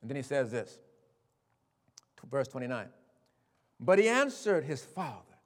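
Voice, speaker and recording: A man preaching a sermon in a folksy, conversational way, often addressing listeners as a friend and dropping low for asides. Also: sing-song, a little slow, long pauses, in a large hall. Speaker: pastor.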